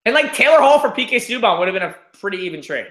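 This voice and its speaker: A man co-hosting a casual hockey podcast, ranting in an animated way and often saying "like" and "listen". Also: sits high, racing, roomy sound. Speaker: podcast co-host.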